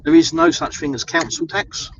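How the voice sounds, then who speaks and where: A man's voice: fairly high pitch, flat delivery, moderate pace, muffled recording, background noise. Chatty Englishman rambling outdoors. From England. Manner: chatty, rambling, with many fillers. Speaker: vlogger. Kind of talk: casual walking vlog. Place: outdoors in the snow.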